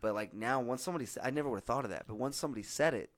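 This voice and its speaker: A hoarse young man hosting a podcast, telling a long story in casual, profane chat with lots of fillers. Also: mid-range voice, very fast, no echo. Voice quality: husky. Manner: profane, rambling, animated storytelling with many fillers. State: hoarse from yelling. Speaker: podcast host.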